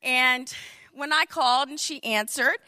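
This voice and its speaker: A woman in her fifties telling a comic personal story with animated, vivid asides. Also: high voice, unhurried.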